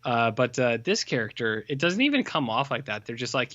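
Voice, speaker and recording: A man's voice: mid-range voice, normal speed, no room sound, dull audio. A man co-hosting a podcast, reviewing a film in casual, rambling chat with lots of fillers and mocking put-on voices. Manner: rambling, animated, full of fillers, mocks characters in put-on voices. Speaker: podcast co-host.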